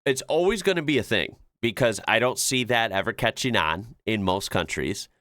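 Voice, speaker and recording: A man's voice: fairly low pitch, expressive, moderate pace, fairly bright tone, no echo, studio quality. A man hosting a reaction video, chatting casually with lots of fillers and laughs. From United States. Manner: laid-back, chuckles often, explains with many fillers.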